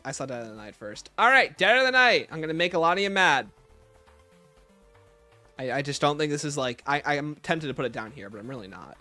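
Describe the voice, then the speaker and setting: A male streamer chatting casually on a livestream, reading his viewers' comments aloud and firing back blunt opinions. His voice sits a little high and sounds bright and forward, with a very animated, bouncing delivery. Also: dry recording. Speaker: livestream host.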